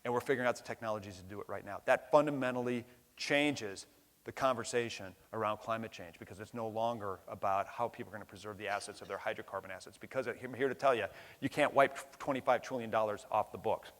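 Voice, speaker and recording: A man's voice: lowish voice, fast talker. A middle-aged man giving an impassioned conference keynote, blunt and emphatic, swearing casually and tagging points with "right?". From United States. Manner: blunt, profane, emphatic, frequent "right?" tags. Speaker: conference plenary speaker. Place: large conference hall. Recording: long reverb of a large hall.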